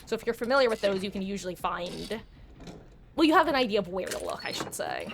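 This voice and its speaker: Woman live streamer, mid pitch, rambling and self-deprecating, casual play-by-play chat. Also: expressive, fast talker, gravelly, a little hiss or hum. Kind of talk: casual gameplay commentary.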